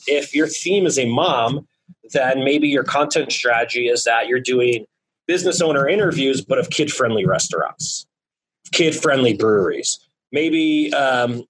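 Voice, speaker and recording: A man guest in a casual interview, talking in energetic, joking bursts about his marketing business. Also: mid-range voice, breathy edge, poor audio. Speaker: guest, real estate marketing business owner.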